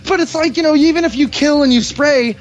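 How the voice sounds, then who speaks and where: A man in his forties with a New York accent chats as a podcast guest in a rambling, laid-back manner. His very high voice moves briskly, with faint music behind it, and the sound is dull, dry, and lo-fi.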